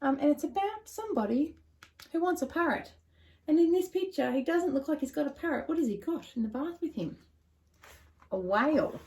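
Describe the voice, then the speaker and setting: Woman, storyteller, animated picture-book reading, asks kids questions, higher voice. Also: fairly quick. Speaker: children's storyteller. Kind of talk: reading picture books aloud to children.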